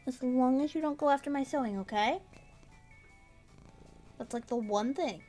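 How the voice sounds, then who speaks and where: A woman's voice: high-pitched, normal speed, mellow, soft background music. A young woman streaming casual chat as she embroiders, bubbly and giggly, sometimes baby-talking. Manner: bubbly, giggly, baby-talks to her cat.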